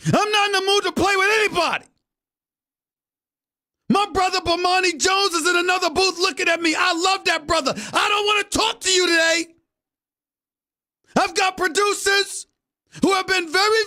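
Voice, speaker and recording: A middle-aged man hosting a sports talk show in a studio booth, delivering an exasperated, shouting rant. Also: very high-pitched. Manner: loud, exasperated ranting, shouting often. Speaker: show host. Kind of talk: ranting sports talk monologue.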